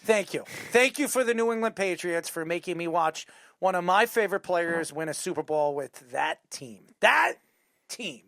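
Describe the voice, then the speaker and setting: Gravelly, excited male co-host. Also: high voice, moderate pace. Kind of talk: casual chat.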